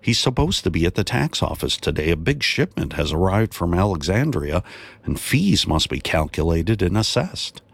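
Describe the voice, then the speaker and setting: A man reading a Bible story aloud, raising his voice to play an anxious, exasperated wife who complains quickly and fretfully. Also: low-pitched, very animated, gravelly, husky, no echo, heavily acted. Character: anxious, exasperated wife of a wealthy tax collector.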